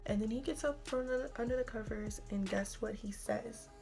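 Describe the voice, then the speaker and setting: A woman's voice: on the high side, moderate pace, darkish tone, faint music behind. A young adult woman telling a casual storytime vlog, chatty and full of fillers, sometimes dropping into a whisper. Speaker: vlogger.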